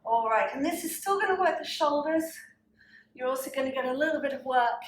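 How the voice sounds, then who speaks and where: A woman's voice: high-pitched, fairly quick, roomy sound, a little hiss or hum, poor audio. A woman teaching a pilates class, cueing breaths and counting reps while slightly out of breath. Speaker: pilates instructor. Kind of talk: guided workout instruction.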